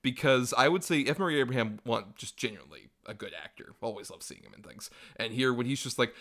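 A man's voice: mid-range voice, lively intonation, fast, fairly bright tone. Rambling, laughing male podcast co-host. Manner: loose and rambling, with lots of fillers and laughter. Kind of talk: casual film review chat.

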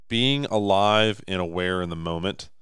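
A man in his thirties co-hosting a podcast, telling stories with lively acted-out quotes. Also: low-pitched, clean tone, no room sound, studio quality. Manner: animated storyteller, acts out quotes. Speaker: podcast co-host. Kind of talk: casual podcast chat.

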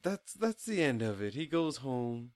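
A man's voice: medium pitch, sing-song, a little slow, darkish tone, no room sound, clean studio sound. A young man co-hosting a casual movie review podcast, talking crudely and profanely and laughing often. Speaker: podcast co-host.

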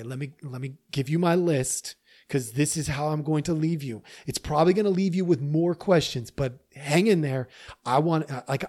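A man hosting a podcast, delivering an emphatic opinion monologue straight to his listeners, with an animated, persuasive manner. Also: a little high. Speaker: podcast host.

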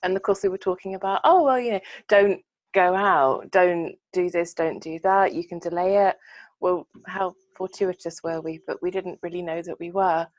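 A woman co-hosting a podcast, talking in an earnest, reflective and measured way over a video call. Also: on the low side, fairly even intonation, dry recording. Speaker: podcast co-host. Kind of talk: casual chat.

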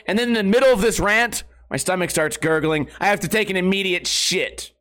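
A young man telling a comic story as a ranting, exasperated stand-up bit, swearing heavily and bursting into shouts. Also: high-pitched, brisk. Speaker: comedian. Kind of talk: profane comedic storytelling rant.

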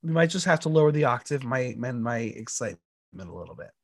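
A man hosting a podcast, hoarse from allergies, chatting in a casual and animated way. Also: mid-range voice, fast, dry recording. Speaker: podcast host.

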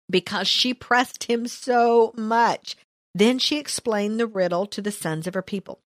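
A woman's voice: mid-range voice, dry recording, studio quality. A woman leading a casual Bible study, reading verses aloud and adding her own comments. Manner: reads verses then comments, playful asides.

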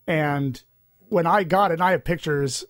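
A man's voice: fairly high pitch, moderate pace, no echo, studio quality. A man co-hosting a podcast, chatting casually and rambling with restarts and fillers. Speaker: podcast co-host. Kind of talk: casual chat.

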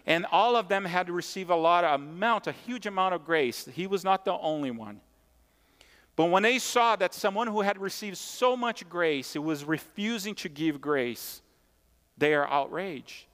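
Pastor guy preaching, fairly high voice for a man, keeps repeating his points, big echoey hall. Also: lively intonation, moderate pace, fairly bright tone. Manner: emphatic, repeats key points; conversational asides to the congregation. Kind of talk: sermon. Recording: long hall reverb.

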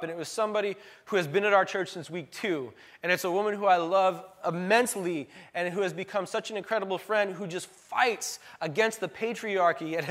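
A man's voice: sits high, fairly bright tone. Earnest, emotional preacher man. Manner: emotional, earnest storytelling with laughs. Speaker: pastor. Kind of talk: sermon.

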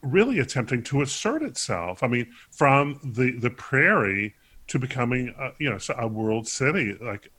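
A man co-hosting a podcast, speaking in a halting way, repeating words as he searches for his phrasing. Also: mid-range voice, sing-song, bright, forceful tone, breathy edge. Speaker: podcast co-host. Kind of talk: casual book discussion.

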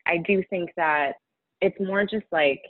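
A woman speaking candidly in an interview, halting and emotional, close to tears at times. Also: on the low side, dry recording. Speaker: guest sharing a personal story. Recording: tinny phone-like audio.

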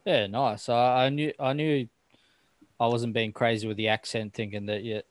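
A man hosting a casual podcast interview, laid-back and quick to laugh. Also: mid-range voice, steady tone, no room sound. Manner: laid-back, laughs easily, says mate. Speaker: podcast host.

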